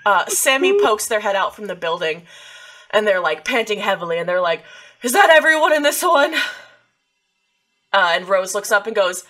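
A woman's voice: mid-range voice, lively intonation, brisk, sharp tone. A woman narrating a tabletop game as game master, casual and full of ums and uhs.

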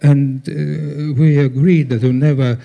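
An older man gives a conference talk over slides, halting, with many pauses and fillers. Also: fairly high pitch, level tone, creaky, muffled recording. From former Soviet Union. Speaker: guest speaker.

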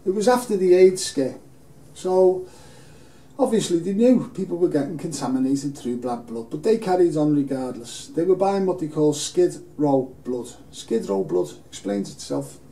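Rambling, earnest man, dark gravelly voice, recorded from a distance in a roomy studio. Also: fairly high pitch, normal speed. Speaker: campaigner making an appeal video. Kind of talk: unscripted personal appeal. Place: film studio in front of a green screen. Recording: roomy, distant mic, faint hiss.

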